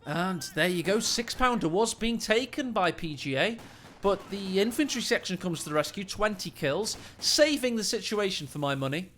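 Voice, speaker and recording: A man's voice: high-pitched, lively intonation, moderate pace, hardly any pauses, a bit bright. A man casting a strategy game, giving casual play-by-play commentary with cheeky joking asides. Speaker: game caster. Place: at home late at night.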